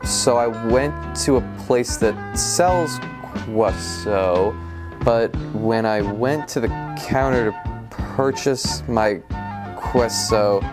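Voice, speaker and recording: A performer plays a young lizard citizen who stammers through testimony. The delivery is slow and halting. Guitar music rings out clearly underneath. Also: medium pitch, natural voice.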